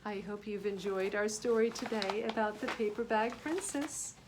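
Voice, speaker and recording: A woman reading a picture book aloud to young children, expressive and asking them questions. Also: mid-range voice, normal speed, noisy background. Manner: expressive, gasps and asks the listeners questions. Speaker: children's story reader.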